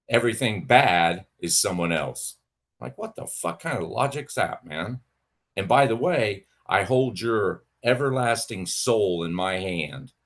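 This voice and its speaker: A livestream host, an adult man with children, rants angrily and sarcastically at a rival, swearing freely and mocking him. His voice is on the low side with a fairly bright tone.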